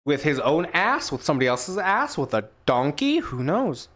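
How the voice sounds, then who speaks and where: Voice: mid-range voice, sing-song, moderate pace, fairly bright tone. A podcast co-host reading news headlines aloud in a casual, profane, joking chat. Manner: playful, profane, acts out scenes in funny voices.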